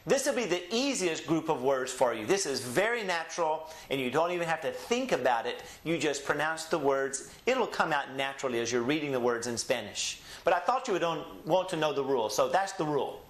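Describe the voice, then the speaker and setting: A man leads a recorded Spanish lesson, drawing out each model word slowly and prompting the listener to repeat after him. His voice sits a little high for a man. The recording carries a noticeable roomy echo. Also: animated. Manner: slow drilled model pronunciations with call-and-repeat prompts. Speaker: Spanish teacher. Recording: echoey room.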